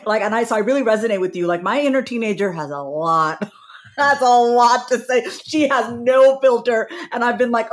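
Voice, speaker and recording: Woman guest, New York accent, lively and frank, quick to laugh. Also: a little high. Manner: animated, laughs often, candid. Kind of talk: podcast conversation.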